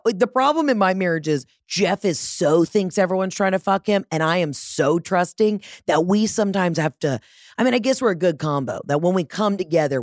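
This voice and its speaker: A woman casually telling a comic story, animated and profane, acting out what people said. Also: deep voice, dry recording, studio quality. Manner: animated, profane, acts out quotes.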